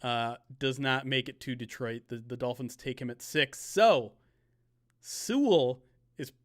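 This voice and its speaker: A man hosting a live video stream, talking casually with lots of fillers and quick bursts, speaking through a video call mic. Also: mid-range voice. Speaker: host.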